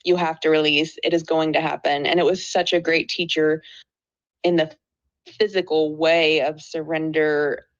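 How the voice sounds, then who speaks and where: A woman's voice: low-pitched, flat delivery, normal speed, lo-fi sound. A woman joining a live talk as a guest, speaking earnestly and reflectively. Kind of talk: casual conversation.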